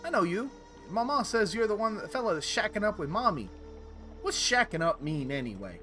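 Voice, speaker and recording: A man's voice: high-pitched, very animated, fairly quick, over music, pitched above the performer's own voice. A man doing a nosy little village kid. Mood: curious. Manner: curious, childish. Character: small nosy village child.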